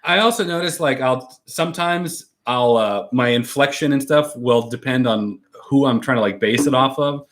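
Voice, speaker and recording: A laid-back man co-hosts a live stream from home and works through viewer questions. His voice sits at an ordinary middle pitch, and he loops through fillers and restarts as he thinks aloud. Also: normal speed, hardly any pauses, fairly bright tone. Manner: rambling, laughs often, many fillers. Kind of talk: casual live-stream chat reading viewer comments.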